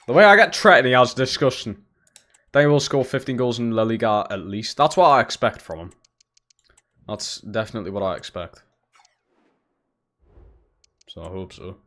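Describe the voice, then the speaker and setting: A man's voice: lowish voice, a bit bright. A young man live-streaming a football game, swearing freely and chatting back to his viewers. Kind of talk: casual live-stream chat while gaming.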